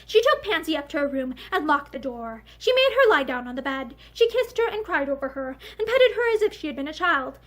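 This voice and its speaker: A young woman reading a novel aloud in a room with bookshelves, with steady, expressive storytelling. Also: sits high, a little fast, hardly any pauses. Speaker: audiobook reader. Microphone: facing camera, seated.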